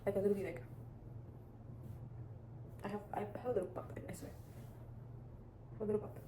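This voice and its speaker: Teen girl vlogger, flat delivery, rambling and chatty, echoey room with steady background noise. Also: mid-range voice, a little fast. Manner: rambling, chatty, many restarts and "like" fillers. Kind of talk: casual advice vlog.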